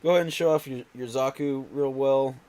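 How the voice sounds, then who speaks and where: A man's voice: mid-range voice, fairly even intonation, fairly quick, a little mellow. A man hosting a casual home livestream, stuffy and out of breath, talking in a tired, rambling way full of fillers and restarts. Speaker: livestream host.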